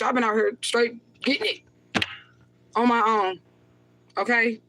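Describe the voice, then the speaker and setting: A woman's voice: fairly high pitch, fairly even intonation, moderate pace, long pauses, a bit bright, a little hiss or hum. A woman livestreaming to her viewers, rambling and profane, reading comments aloud and flaring into anger. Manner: repeats herself, flares up in anger. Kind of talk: emotional livestream talk to viewers.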